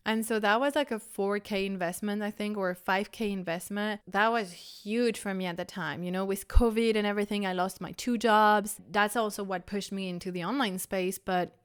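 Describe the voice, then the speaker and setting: A woman's voice: medium pitch, a bit bright, smooth. A young woman hosting her own podcast, talking frankly and animatedly about business, swearing casually and laughing often. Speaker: business coach and podcast host. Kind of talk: candid solo podcast talk.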